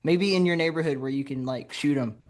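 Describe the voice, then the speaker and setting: Man from Alabama telling a lively story. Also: fairly high pitch, fairly quick. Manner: lively anecdote telling, laughs while talking. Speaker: podcast guest, game designer. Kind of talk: casual conversational storytelling.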